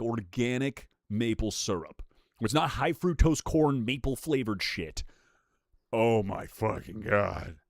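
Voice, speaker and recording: A man's voice: mid-range voice, no room sound, clean studio sound. A young man streaming live, bantering with chat in a joking, profane way.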